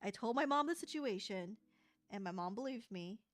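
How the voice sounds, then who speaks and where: A young adult woman livestreaming as she crafts, telling a story in a rambling, animated way with laughs. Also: mid-range voice, normal speed. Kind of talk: casual live-stream chat while crafting.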